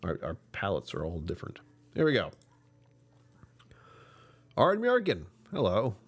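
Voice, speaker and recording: A man with a rumbly, somewhat low voice talks casually to his livestream audience. He sounds worn out and tired, yet keeps joking and laughing as he chats. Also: sing-song, a little fast. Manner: chatty, joking, often laughing. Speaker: livestream host.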